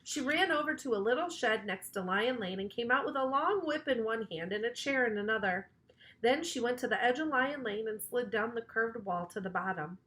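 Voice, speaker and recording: A woman librarian reading a children's chapter book aloud in an animated, playful, teasing way. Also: on the high side, moderate pace. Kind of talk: children's storybook read-aloud.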